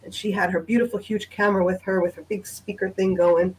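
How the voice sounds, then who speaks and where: A woman talks over a video call in a halting, unhurried way. She pauses often and restarts her sentences. Her pitch sits in the middle range. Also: flat delivery, a little mellow, slight background noise, low-quality recording. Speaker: guest sharing a family memory. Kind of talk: personal testimony on a video call.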